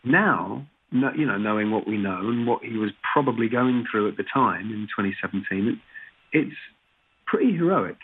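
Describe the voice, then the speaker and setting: A man's voice: lowish voice, moderate pace, a little hiss or hum. A man from Britain, an actor guest chatting in an interview, often restarting his sentences with "you know". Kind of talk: casual interview chat. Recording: tinny phone-like remote line.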